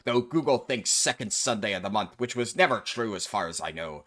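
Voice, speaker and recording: A gruff pirate grumbles in a low, growled drawl, as a man puts him on for a gaming video. The voice sits well below his usual talk and stays quiet and muttering. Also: expressive, brisk. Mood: grumbling. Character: gruff grumbling male pirate reading a post.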